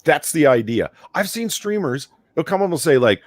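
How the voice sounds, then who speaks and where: A man co-hosting a casual stream chat, ranting with animated energy and swearing freely. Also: on the high side, normal speed, no room sound. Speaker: co-host. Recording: dry close-miked audio.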